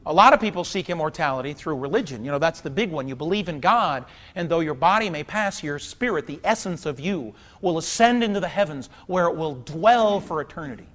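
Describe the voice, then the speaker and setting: Wry high-voiced male stand-up comic. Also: expressive, fairly quick, few pauses. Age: 30s. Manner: wry, conversational, rising to loud outbursts. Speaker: stand-up comedian. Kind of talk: stand-up comedy. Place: theater stage before a large audience. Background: audience laughter.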